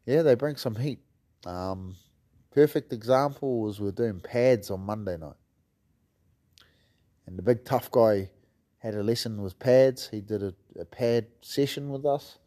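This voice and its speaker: Mellow-voiced New Zealand gym coach. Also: male voice, medium pitch, a little slow, long pauses. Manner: swears freely, loose rambling delivery with fillers. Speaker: martial arts gym coach. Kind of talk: casual storytelling chat.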